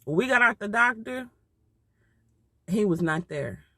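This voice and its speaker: A woman's voice: medium pitch, expressive, unhurried, pushed and bright, no room sound. A mother telling a personal story in an emotional, heartfelt way, repeating herself for emphasis. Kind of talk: casual storytime.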